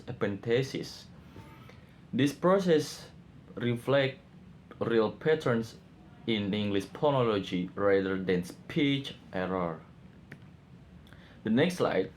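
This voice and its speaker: A man presenting a class project, reading out his slides haltingly with frequent pauses and fillers. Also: on the low side, a little hiss or hum. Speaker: student presenter.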